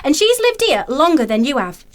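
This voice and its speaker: A nosy neighbour woman, played by an actress in an amateur radio play, who gossips bluntly and piles up details. Her voice sits high and swings widely in pitch. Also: big pitch swings, moderate pace. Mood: gossiping. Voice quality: chatty and blunt, piling up details.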